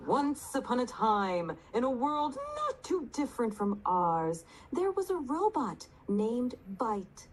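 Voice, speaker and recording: Ai lady voice, breathy, bouncy and dramatic, storytime vibes. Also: a little high, big pitch swings, slow, few pauses, poor audio. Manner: bubbly and theatrical, hamming up the drama on request. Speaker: AI voice assistant. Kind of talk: expressive storytelling.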